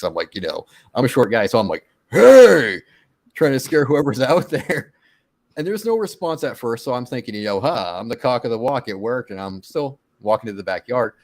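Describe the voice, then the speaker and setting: A man casually telling his own monster encounter story on a radio show, animated and acting out his own quotes. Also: on the low side.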